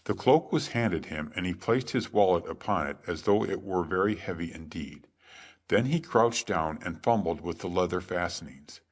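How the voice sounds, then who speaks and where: A man reading a classic adventure tale aloud as calm, measured sleep story narration. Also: sits low. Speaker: audiobook narrator.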